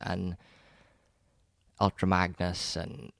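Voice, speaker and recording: A man's voice: deep voice, level tone, very slow, gravelly, a bit bright, no echo, clean studio sound. A man co-hosting a podcast, chatting casually and enthusiastically about films, often restarting his sentences. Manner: rambling, enthusiastic, frequent restarts and stammers. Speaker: podcast co-host.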